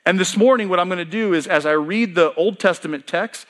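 A middle-aged male pastor delivers a sermon with lively emphasis in a fairly high voice, talking a little fast. He quizzes the congregation, answers his own questions, and swings his pitch up and down to drive each point home.

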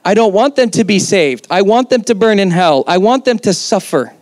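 A man's voice: high-pitched, animated, normal speed, darkish tone, no room sound, pitched above the performer's own voice. A man voicing an angry, resentful prophet with bitter, defiant pleading.

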